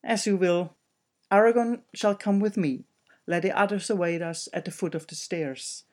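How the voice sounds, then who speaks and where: A man voicing a stern, commanding old male wizard who speaks loudly. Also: sits high, steady tone, normal speed, close to an everyday voice. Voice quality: loud, commanding.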